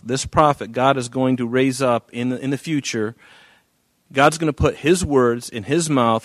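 A man's voice: mid-range voice, normal speed, no room sound. Man teaching a Bible passage, dry sound. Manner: conversational, with frequent fillers and restarts, rising when reading scripture aloud. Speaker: pastor.

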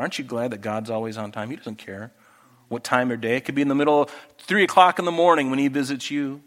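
A man preaching a sermon, who swings from loud, emphatic scripture reading to quiet, intimate asides. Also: medium pitch, fairly even intonation, fast talker. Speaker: pastor.

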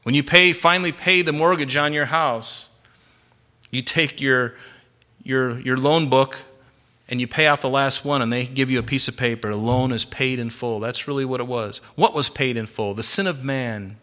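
Male pastor, bright forceful tone, preaching with slow emphatic stresses. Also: medium pitch. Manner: emphatic, varies loudness and slows for stress. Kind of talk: sermon.

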